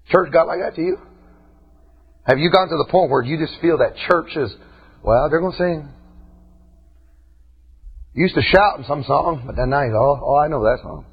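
A husky male preacher whose voice leaps high and wide as he shouts his points. He swings between high shouting and low, quiet asides. The recording is dull and lo-fi. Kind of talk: sermon.

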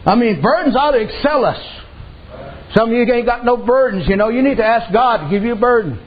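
A man's voice: extremely high pitch, expressive, fairly quick, dull audio, a little hiss or hum. A man preaching a sermon in a folksy, colloquial storytelling way.

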